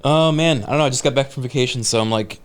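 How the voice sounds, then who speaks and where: A man's voice: medium pitch, fast talker, clean tone. A young man chatting in a laid-back, easygoing way as a podcast co-host. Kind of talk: casual chat.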